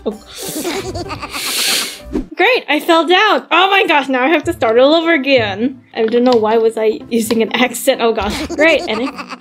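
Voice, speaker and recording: A woman giving excitable gameplay commentary, squealing and laughing often as she plays. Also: a little high. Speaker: gamer.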